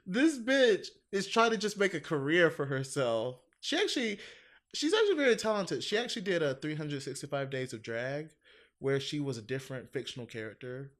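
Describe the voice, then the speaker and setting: In casual podcast chat, a male co-host rambles and swears freely, laughing loudly. He mimics other people in high, exaggerated voices.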